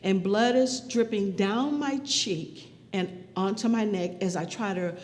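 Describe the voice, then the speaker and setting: A woman tells her own story slowly and deliberately, weighing each phrase. Her measured, earnest delivery rings out with a long hall reverb trailing behind it. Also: medium pitch, a little mellow. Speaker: survivor recounting her own experience. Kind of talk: personal testimony.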